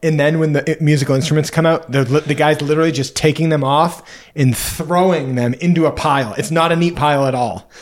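A man on a casual podcast who talks in a relaxed, hesitant way, often filling gaps with "like.". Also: fairly high pitch, brisk. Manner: relaxed, hesitant, filler-heavy. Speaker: podcast co-host.

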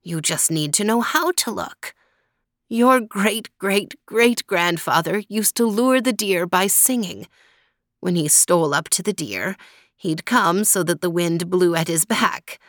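Woman putting on a raspy old forest crone. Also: lowish voice, unhurried, a bit bright, no room sound, studio quality. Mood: knowing. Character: very old toothless woman of the woods, wistful.

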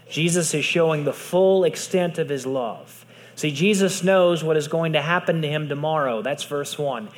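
A man preaching a sermon in earnest, dropping to soft hushed tones for emphasis. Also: mid-range voice, long reverb tail. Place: large hall with audience.

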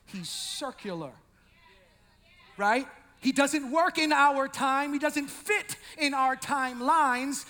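Man, pastor, very high voice, animated sermon, long reverb. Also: slow. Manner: animated, shifts between loud shouting and quiet intensity; joking asides to the congregation.

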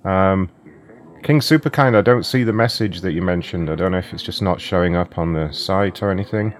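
A man's voice: deep voice, fairly quick. A man hosting a prank call stream, chatting loosely, swearing and laughing. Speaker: prank call show host. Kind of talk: casual streamed chat.

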